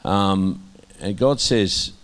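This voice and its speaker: An Australian man sharing candid testimony in an interview, earnest and halting, with many restarts and a voice that drops soft at times. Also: low voice. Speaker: interviewee, minister.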